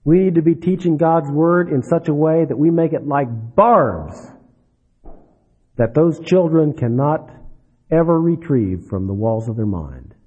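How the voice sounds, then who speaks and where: A man preaching a sermon, dropping low and soft then rising for emphasis. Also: expressive, unhurried, husky. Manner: dramatic, swings between soft drops and rising emphasis. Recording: dull lo-fi recording.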